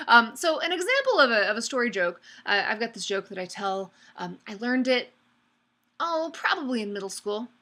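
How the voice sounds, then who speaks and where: Upbeat young woman instructor, bright and slightly high, chatty. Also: very animated, normal speed. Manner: upbeat, chatty, addresses students by name. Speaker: online course instructor. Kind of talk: live online class lecture.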